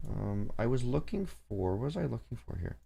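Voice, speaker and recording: Very animated at a normal speed, a man with a mid-range, gravelly yet mellow voice hosts a casual forex trading livestream with slight background noise. He rambles, swears, reads charts and shoos his cat while talking to chat.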